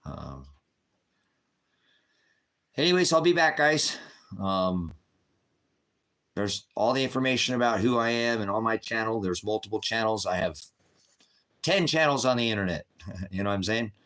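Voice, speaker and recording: A man's voice: on the low side, lively intonation, moderate pace, long pauses, fairly bright tone. A man in his fifties hosting a live chat, bluntly firing back at trolls with repeated retorts. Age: 50s. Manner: combative, answering trolls in chat. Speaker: livestream host.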